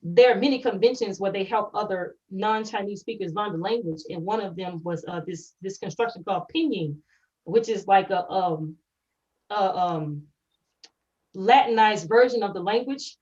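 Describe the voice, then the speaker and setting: A woman's voice: mid-range voice, normal speed, darkish tone. Woman, podcast co-host, explanatory, working through examples; sits back from a dull mic. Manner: explains step by step with examples, repeats words as she thinks. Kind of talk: educational podcast discussion. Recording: distant muffled mic.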